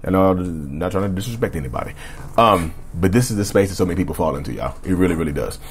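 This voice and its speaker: A man hosting a casual solo podcast, talking in a rambling, repetitive way with a slightly rough throat he keeps clearing, and often asking the listeners "right?". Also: deep voice, lively intonation, fast, a little hiss or hum. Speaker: podcast host.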